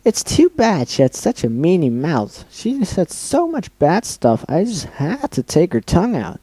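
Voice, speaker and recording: A man's voice: high voice, wildly swooping pitch, unhurried, mellow, husky, no echo, voice pushed up, full character voice. A man voicing a cheerful, murderous female pink pony, bubbly and sing-song with a sweetly sinister edge. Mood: scolding.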